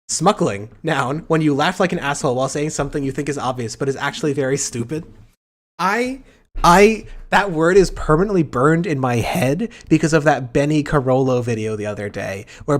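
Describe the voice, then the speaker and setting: A man's voice: a little high, animated, normal speed. Joking man hosting a casual livestream. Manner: rambling, sarcastic, joking, profane. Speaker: livestream host.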